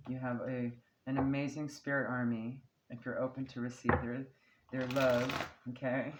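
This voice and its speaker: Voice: medium pitch, flat delivery, unhurried, very noisy. A tarot card reader giving a casual channeled reading, reassuring and chatty, who often checks in with "okay?" and "right?". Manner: chatty, laughs now and then.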